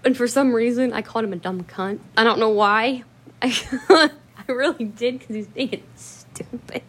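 A woman's voice: on the high side, measured pace, a little hiss or hum. A woman hosting a podcast, telling stories in a casual chat, blunt and profane, laughing often and acting out quotes. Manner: acts out quotes with lively voices. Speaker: podcast host.

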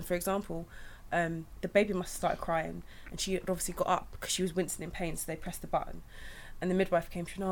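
A young woman chatting casually, telling her birth stories in a lively, storytelling manner. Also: on the low side, fast talker, a little hiss or hum. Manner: chatty storytelling, animated when retelling. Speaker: new mother. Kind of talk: casual chat.

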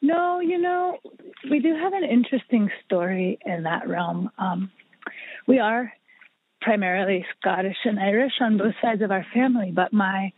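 A woman's voice: medium pitch, moderate pace. Woman on a tinny phone line. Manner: chatty, lots of fillers and restarts. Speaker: podcast guest, musician. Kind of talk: casual interview storytelling. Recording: husky, dry, phone-like line.

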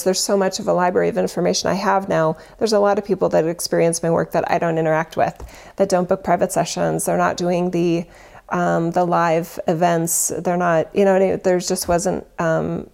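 Low, gravelly woman speaking earnestly. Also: a little mellow. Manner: rambling, self-correcting, earnest and open. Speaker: spiritual teacher and retreat leader. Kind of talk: casual spiritual talk.

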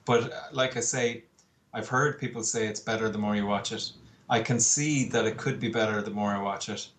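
A man's voice: fairly low pitch, fairly even intonation, brisk, fairly bright tone. A man, a guest in casual chat, opinionated and talkative with plenty of ums and uhs. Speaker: podcast guest. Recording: faint background noise.

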